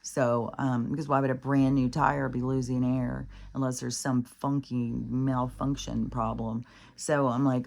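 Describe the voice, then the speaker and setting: A woman's voice: rumbling low, steady tone, unhurried, vocal fry, a little mellow. A woman telling a rambling, exasperated story in a casual vlog, swearing freely and using many fillers. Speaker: vlogger.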